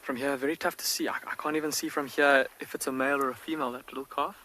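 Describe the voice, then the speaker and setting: A man working as a field guide, giving hushed, excited live wildlife commentary outdoors from a safari vehicle, with the mic close to his face. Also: mid-range voice, fast talker, a little hiss or hum, poor audio. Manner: hushed, near-whispered, excited.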